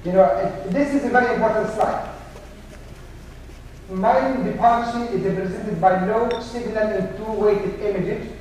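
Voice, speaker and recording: A middle-aged man giving a medical lecture as a neurologist, halting with many fillers and dry jokes. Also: sits high, a little mellow. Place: large lecture hall. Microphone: room mic, often away from it. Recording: echoey hall from far off, faint noise.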